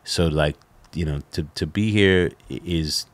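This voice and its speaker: A middle-aged man talking as a podcast guest in a relaxed, halting way, often restarting his phrases. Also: low voice. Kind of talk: casual interview chat.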